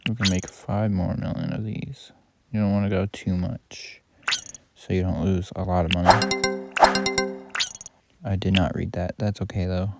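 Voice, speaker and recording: A man's voice: sits low, steady tone, moderate pace. A man giving casual, rambling commentary on his own game, correcting himself as he goes. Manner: rambling, self-correcting, offhand. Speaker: gaming YouTuber. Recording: loud background noise.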